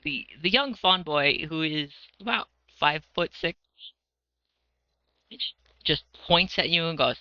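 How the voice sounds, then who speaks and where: A man runs a tabletop game, narrating loosely and playfully with lots of fillers. His voice is very bright, clear and a little high. The sound is dry and slightly dull, as on lo-fi audio. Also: animated, slow, pauses often, no room sound. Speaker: dungeon master.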